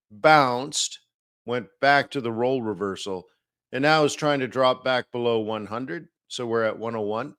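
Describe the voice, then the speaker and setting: A man's voice: medium pitch, a bit bright, clean tone, no echo, studio quality. A man hosting a live market-analysis stream, talking casually and rambling with many fillers and restarts.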